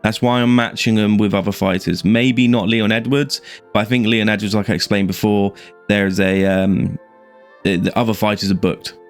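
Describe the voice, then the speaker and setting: Low-voiced Irish man rambling about fights. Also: steady tone, normal speed, faint music behind. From Ireland. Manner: rambling, with many fillers and restarts. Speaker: MMA YouTuber. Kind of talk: casual fight-prediction chat.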